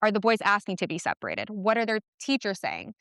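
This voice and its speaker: A woman guest on a parenting podcast, talking in a passionate, animated way with quick asides. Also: mid-range voice, no echo, clean studio sound. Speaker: podcast guest, twin mom. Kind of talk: casual interview chat.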